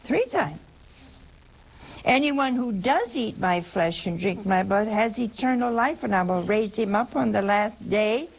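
A woman hosting a call-in program speaks slowly and deliberately. Her voice has a gravelly, rough edge. She answers a caller with emphatic religious teaching, repeats her points and quotes scripture at length. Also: on the high side, rough recording.

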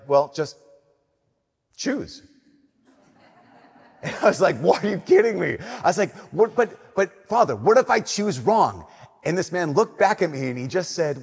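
Young priest, male, slightly high and husky, conversational sermon delivery with long church reverb. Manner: conversational preaching, playful then hushed and earnest. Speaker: Catholic priest.

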